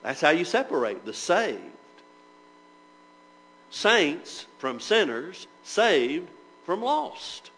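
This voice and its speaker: Guy preaching bible class, kinda high voice, lots of rhetorical questions. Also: sing-song, very slow, pauses often, fairly bright tone, rough recording. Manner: asks rhetorical questions, reads scripture in old wording. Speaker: preacher teaching church members.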